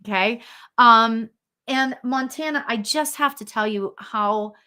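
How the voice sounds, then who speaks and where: A chatty woman medium talks straight to her viewers in a bright, forceful voice that sits a little high. She giggles often and trails through ums and restarts as she reads comments and gives readings. Her talk is loose and casual. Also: slow pace, slight background noise. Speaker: spiritual medium hosting a live show.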